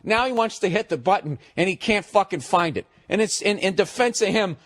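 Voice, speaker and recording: A man telling a story as a stand-up comedian, profane and ranting, building up to loud outbursts. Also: high-pitched, expressive, fairly quick.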